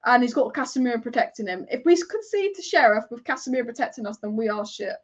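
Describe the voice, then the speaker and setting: Young woman, high-pitched, chatty fan host reacting live, casual swearing, slightly dull lo-fi sound. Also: lively intonation, fast. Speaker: football fan channel host. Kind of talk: live match watch-along commentary.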